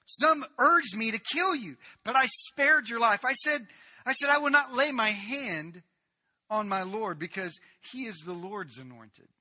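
A man voicing a young male fugitive warrior who calls out loudly and earnestly to a king. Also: extremely high pitch, lively intonation, unhurried, voice pushed up, heavily acted. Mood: earnest pleading. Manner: loud and emphatic, calling across a distance.

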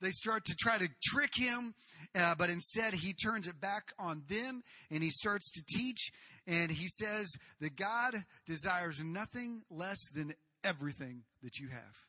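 A man preaching a sermon, telling the story in a casual, conversational way, speaking to the congregation directly and breaking into loud acted outbursts. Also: sits high, animated, measured pace, dry recording. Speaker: pastor.

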